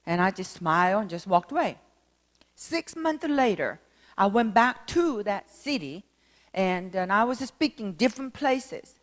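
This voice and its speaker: A woman minister with a Korean accent, telling a story in a sermon, halting with many fillers but animated. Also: medium pitch. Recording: long reverb hall.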